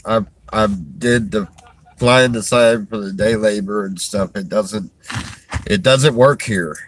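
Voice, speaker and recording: A man talking to viewers on a livestream, halting and strained, restarting his sentences and sighing, from a parked vehicle in a store parking lot. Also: fairly low pitch, slight background noise. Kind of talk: emotional livestream talk to viewers.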